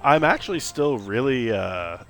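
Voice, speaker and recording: A man's voice: medium pitch, big pitch swings, measured pace, faint music behind. A man streaming a story game, chatting casually and reading characters' lines aloud. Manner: casual, voices characters as he reads.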